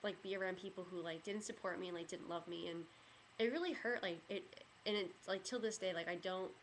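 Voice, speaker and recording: A woman's voice: lowish voice, brisk, slight background noise. A young woman in a casual storytelling vlog, rambling with many fillers and getting emotional as she talks. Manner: rambling, heavy use of "like" and "you know"; emotional, gets choked up. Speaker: vlogger.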